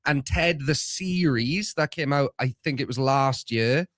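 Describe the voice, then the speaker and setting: A man's voice: mid-range voice, a little slow, fairly bright tone. A man co-hosting a casual chat, mostly giving short replies with some dry teasing. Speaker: streamer co-host.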